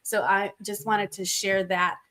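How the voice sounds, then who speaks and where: A woman who is a student, joining a casual panel talk in a quick, eager way. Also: medium pitch, little pitch movement, fairly bright tone.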